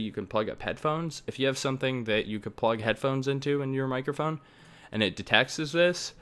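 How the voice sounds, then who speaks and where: A young man talks through his recording gear at his computer, rambling and offhand, with plenty of fillers. His voice sits a bit low and comes through smooth and clear on a desktop mic. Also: fairly bright tone. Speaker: tech tutorial maker. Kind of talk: casual screen-recording tutorial. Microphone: desktop USB microphone.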